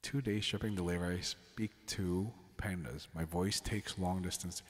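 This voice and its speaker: A man's voice: sits low, fairly even intonation, moderate pace, in a large hall. A man hosting a livestream, chatting casually with viewers, often laughing and apologizing as he rambles. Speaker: livestream host. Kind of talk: casual chat with stream viewers.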